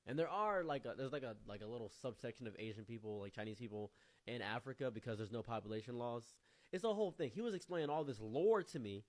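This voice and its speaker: A man with a Midwestern accent telling an anecdote in a chatty, animated way and acting out the people in it. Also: medium pitch, quick pace. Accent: Midwestern American. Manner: chatty, animated storyteller who acts out the people he quotes. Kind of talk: storytelling to camera.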